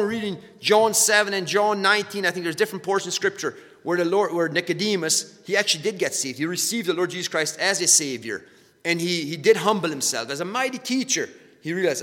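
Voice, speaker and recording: Middle-aged male preacher, slightly high bright voice, earnest and repetitive, reverberant hall. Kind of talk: sermon.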